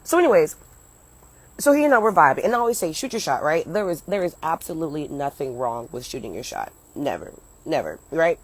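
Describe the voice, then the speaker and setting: A very animated young woman with a low, husky voice speaks fairly quickly as she rambles through a story. She's an American comedian livestreaming from home, partly outdoors, phone at arm's length, swearing freely and chatting with viewers on a low-quality recording.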